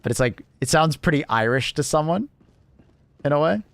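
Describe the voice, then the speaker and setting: A young man live-streaming and chatting casually with viewers, rambling with lots of fillers and quick laughs. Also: fairly high pitch, expressive, creaky, a bit bright, dry recording.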